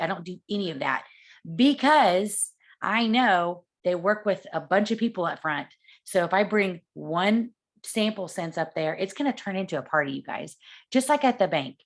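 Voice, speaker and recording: A woman giving sales tips in a casual coaching talk, chatty and acting out the conversations she quotes. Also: medium pitch. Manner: chatty, acts out quoted dialogue.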